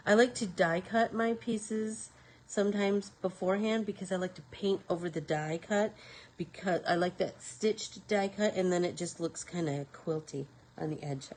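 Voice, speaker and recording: A woman's voice: on the low side, a little mellow, slight background noise, low-quality recording. A woman hosting a live painting tutorial, talking casually to viewers and to herself as she works. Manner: talks to herself while working, rambling. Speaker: craft show host.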